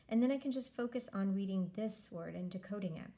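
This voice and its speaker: Woman teacher, warm low-key tone, patient step-by-step phonics modeling. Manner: slow, patient, modeling each step aloud. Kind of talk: phonics lesson.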